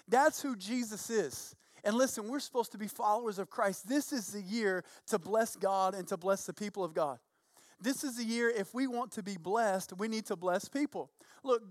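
A man preaching a sermon as pastor to a church congregation, energetic and full of rhetorical questions. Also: high voice, dry recording. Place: church sanctuary.

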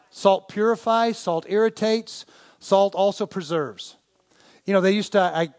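A man with a high voice preaches to his congregation in a folksy, animated way. He tells stories and throws out rhetorical questions, speaking as the pastor. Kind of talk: sermon.

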